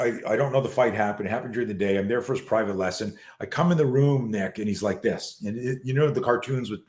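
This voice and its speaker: Older man swearing, restarting, echoey room. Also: medium pitch. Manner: profane, emphatic, many restarts, acts out dialogue. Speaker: guest, self-defense instructor. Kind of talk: animated storytelling in a podcast chat.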